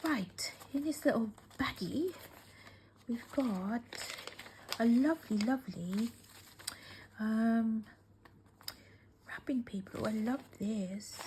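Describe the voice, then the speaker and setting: A woman vlogger unboxing crafting gifts in casual chat, gushing and emotional, often dropping to soft whispers, tearful and welling up. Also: a little high, slight background noise. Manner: slow, with many fillers and sighs.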